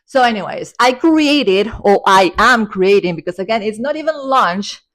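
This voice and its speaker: An excited woman giving a motivational spiritual vlog talk, breathless and gushing. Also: medium pitch, normal speed. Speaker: spiritual vlogger.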